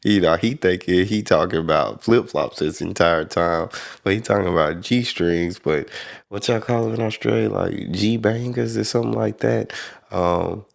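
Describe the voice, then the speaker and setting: A man's voice: low voice, normal speed, gravelly. A man with an American accent hosting a reaction channel, chatting casually and laughing along as he comments on a comedy clip. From United States. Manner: laid-back, chuckling, talks back to the clip.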